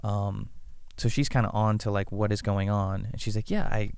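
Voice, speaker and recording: A man with a low, smooth voice talks through a thriller idea in a loose, rambling way, leaning on fillers. He often slips into the lines of the people in the story. The sound is close and dry. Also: level tone, normal speed, a little mellow, dry recording. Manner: rambling pitch, acting out quoted lines with lots of fillers. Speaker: screenwriter pitching a story. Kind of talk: casual writers' room brainstorm.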